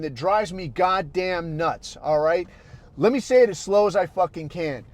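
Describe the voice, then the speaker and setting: A man hosting a podcast, ranting in a crude, heated, blunt way that swings from low muttering to loud outbursts. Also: normal speed. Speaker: podcast host. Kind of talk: profane ranting monologue.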